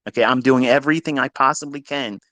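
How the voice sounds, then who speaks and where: Speaking fast with no echo around him, a man delivers an unscripted motivational lecture as a trading mentor. He's blunt and profane, muttering low before rising to loud, emphatic outbursts.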